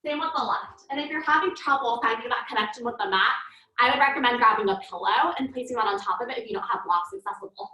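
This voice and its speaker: A woman teaching a live online yoga class, cueing breaths and poses in a calm, paced way while out of breath. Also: on the high side, fast. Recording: echoey room from far off.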